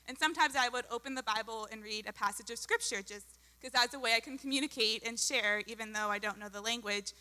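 A woman's voice: fairly high pitch, fast talker, hardly any pauses, bright, forceful tone. A young adult woman sharing a chatty, bubbly testimony as a mission volunteer. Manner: bubbly, chatty with many fillers. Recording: hall reverb.

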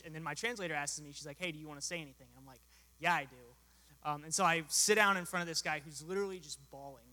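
A man's voice: on the high side, pushed and bright. A young adult man telling an earnest testimony as a mission volunteer, acting out the dialogue. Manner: earnest storyteller, acts out dialogue. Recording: hall reverb.

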